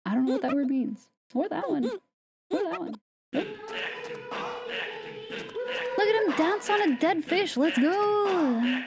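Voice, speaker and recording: A woman streaming a game live, chatting playfully with viewers and slipping into soft whispered asides. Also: extremely high pitch, expressive, moderate pace. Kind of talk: casual live-stream chat. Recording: game music playing behind the voice.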